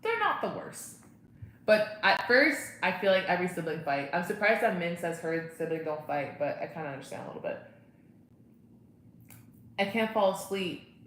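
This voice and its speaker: Answering viewer comments and chatting casually, this young livestream host broadcasts from home at a normal speed. She has a somewhat low, slightly bright voice, and the recording carries room echo and faint background noise.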